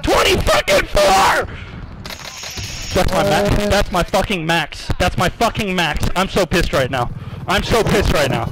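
A man giving loud, swearing live commentary while playing a shooter game with teammates from his apartment. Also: high-pitched, normal speed, hardly any pauses, noisy background. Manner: loud, swearing, yelling in frustration. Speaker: gamer. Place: apartment at home.

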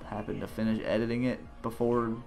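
A man giving casual, excitable gameplay commentary as a gaming channel host, cheering and shouting at plays and dropping slangy banter. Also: fairly low pitch, a little fast, vocal fry, faint music behind.

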